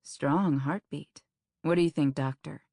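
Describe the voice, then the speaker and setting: A woman reading an audiobook, voicing a gentle, soft-spoken female ultrasound technician in her late thirties. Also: deep voice, unhurried, dry recording, studio quality.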